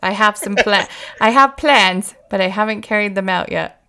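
A woman's voice: medium pitch, normal speed, sharp tone, smooth. A woman hosting a podcast in casual chat, frank and a bit crude, laughing often. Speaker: podcast host and mother.

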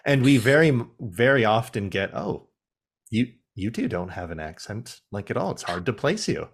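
Lively-voiced chatty Canadian man. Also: fairly low pitch, normal speed, husky. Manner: chatty, laughs easily. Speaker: podcast co-host. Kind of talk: casual chat.

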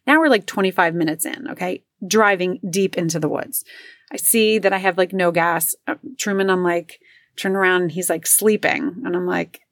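A middle-aged woman with a lowish voice and fairly even intonation tells a personal story at a moderate pace. She's chatty and uses lots of fillers, acting out quotes in raised voices, on a clean studio recording with no room sound.

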